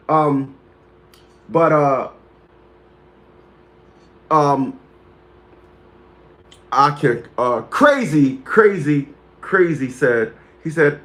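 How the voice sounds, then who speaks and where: A man's voice: fairly high pitch, very animated, slow pace, long pauses, a bit bright. A man in his fifties hosting a talk show, telling a story in a rambling, casual way, repeating words and greeting viewers by name. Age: 50s.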